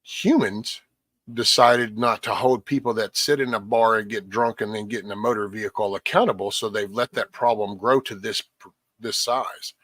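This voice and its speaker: A man's voice: on the low side, steady tone, normal speed, a bit bright, no echo, clean studio sound. A man hosting a casual livestream, rambling bluntly with lots of cussing and a preachy edge. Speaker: livestream host.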